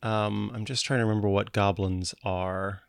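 Guy at a tabletop game thinking out loud, casual, dry sound no room. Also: fairly low pitch, normal speed, gravelly, clean tone, no room sound. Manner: relaxed, chatty, thinking aloud. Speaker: player.

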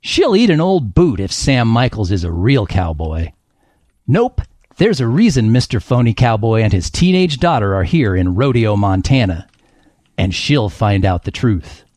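A man's voice: fairly low pitch, sing-song, moderate pace, darkish tone, no room sound. Playful male game-show host, dry sound. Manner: playful, laughing, dramatic read-aloud delivery. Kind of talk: hosting a comedy panel game, reading book blurbs aloud.

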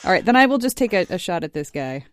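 A woman's voice: on the low side, sing-song, fast, a little hiss or hum. A woman playing a tabletop game, methodically checking the rules before each move. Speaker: player.

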